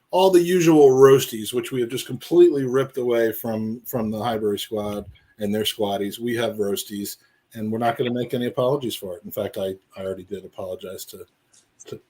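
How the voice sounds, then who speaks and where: A man's voice: medium pitch, a little mellow. A man hosting a podcast as a casual live-stream chat, rambling and joking with many restarts. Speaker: podcast host.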